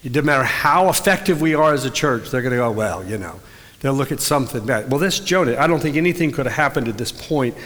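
Conversational pastor preaching in a reverberant church. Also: male voice, mid-range voice, a bit bright. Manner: conversational storytelling preacher, shifting pace for emphasis. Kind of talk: sermon. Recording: long hall reverb.

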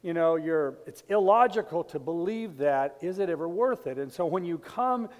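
Rambling pastor in a reverberant hall. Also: male voice, fairly high pitch, expressive, moderate pace. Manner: conversational, rambling with asides and restarts. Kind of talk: sermon.

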